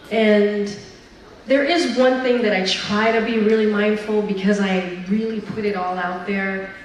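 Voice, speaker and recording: Chatty woman in an echoey hall. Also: mid-range voice. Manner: lively, chatty storytelling. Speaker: featured speaker. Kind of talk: speech and onstage Q&A. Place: large event hall at a brunch. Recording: echoey hall, mic picked up from a distance.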